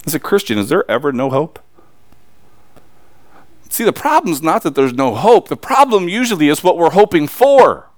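A man's voice: on the high side, sing-song, moderate pace, pauses often, no echo. A man preaching a sermon, emphatic and pressing the congregation with rhetorical questions.

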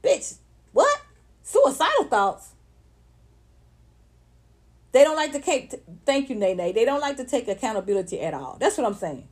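A woman's voice: fairly high pitch, lively intonation, quick pace, hardly any pauses, darkish tone, husky. A woman with ranting bluntly and with a lot of profanity, mocking others in put-on voices as she hosts casual online talk.

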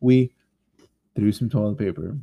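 A man's voice: fairly low pitch, unhurried, creaky, muffled recording. A man co-hosting a podcast who teases the others in a wry way. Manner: teasing, wry. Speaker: podcast co-host. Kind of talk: casual chat.

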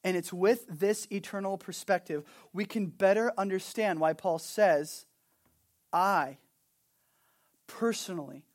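A man preaching a sermon as pastor, swinging from animated storytelling to hushed, earnest points. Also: high-pitched, measured pace. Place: Hawaii.

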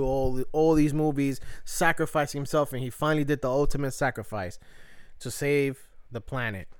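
A man reviews a show in a loose, profane rant, full of fillers and restarts. His voice is smooth and clear. It sounds dry and close, with no room echo. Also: medium pitch.

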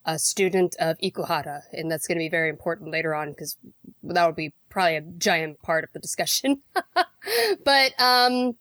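A woman's voice: deep voice, moderate pace, a bit bright, dry recording, studio quality. A woman co-hosting a podcast, chatting casually with many ums and small laughs, explaining an anime. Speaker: podcast co-host.

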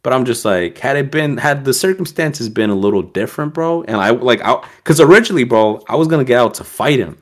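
A man's voice: mid-range voice, a little fast, few pauses. A young man telling a story as a podcast guest, casual and profane, acting out the voices of the people in it. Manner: profane, animated, acts out quoted voices.

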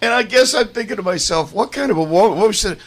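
A man's voice: high voice, expressive, fast. A man hosting a casual chat, reacting and asking follow-up questions.

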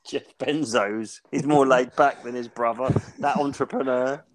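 A man in his forties, a podcast co-host, rambling and swearing as he tells animated stories in casual chat. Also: mid-range voice, unhurried. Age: 40s.

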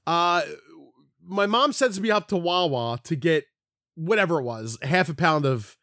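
A man's voice: a little high, animated, unhurried, a bit bright, no room sound, clean studio sound. A middle-aged man from the Philadelphia area, co-hosting a podcast in casual chat, rambling through stories with frequent restarts and plenty of swearing. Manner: rambling storyteller, swears freely, restarts often. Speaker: podcast co-host.

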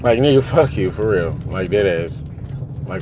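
A man in an angry, profane rant, swinging between raised outbursts and low, bitter muttering. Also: lively intonation, moderate pace, background noise.

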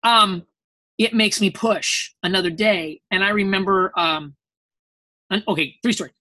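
An animated man chatting as a convention panel guest, his bright, forward voice recorded dry and close. He tells stories with energy and slips in quick impressions. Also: high voice, dry recording. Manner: animated storyteller, acting out voices in anecdotes. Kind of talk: casual panel interview.

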